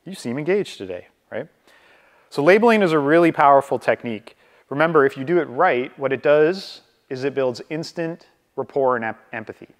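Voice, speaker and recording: A man's voice: fairly high pitch, fairly quick. Male real estate trainer, casual, acts out dialogue, long hall reverb. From Canada. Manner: lively, acts out dialogue, keeps checking with "right?". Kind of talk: casual training talk to a room.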